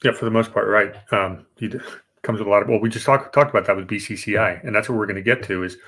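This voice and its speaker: A man's voice: on the low side, steady tone, fast talker, a bit bright. A man co-hosting a podcast, explaining banking history casually, with fillers and restarts. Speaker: podcast co-host.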